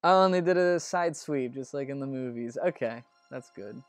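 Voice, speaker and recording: Guy doing casual lets play commentary, rambly and chatty, cusses at the game sometimes, middle pitch, faint music in the back. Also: moderate pace, few pauses. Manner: chatty and rambling, curses under his breath at the game. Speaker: let's play host.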